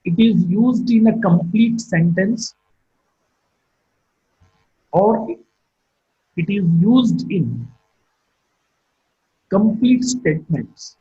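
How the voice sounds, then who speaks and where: Slow, husky-voiced male phonetics lecturer. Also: sits high, lively intonation, dark tone. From India. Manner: slow, deliberate teaching delivery with drawn-out demonstration sentences. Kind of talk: recorded online lecture. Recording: dull lo-fi lecture recording.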